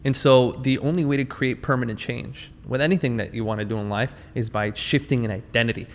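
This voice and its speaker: A man's voice: mid-range voice, fairly even intonation, a little fast, big-room sound, a little hiss or hum. Enthusiastic male podcast host. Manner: enthusiastic, motivational, addresses the audience. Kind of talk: interview.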